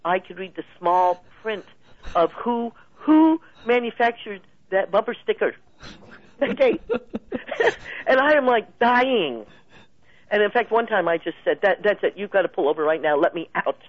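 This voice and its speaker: A woman guest telling stories in a casual interview, lively and laughing often. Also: lowish voice, dry recording. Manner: animated storyteller, laughs often. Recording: tinny phone line, dry.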